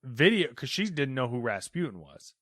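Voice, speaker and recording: A man's voice: mid-range voice, very animated, moderate pace, fairly bright tone, no room sound, clean studio sound. A man co-hosting a gaming news podcast, telling stories in a rambling, casual way with many fillers. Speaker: podcast co-host reading news. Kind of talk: casual chat.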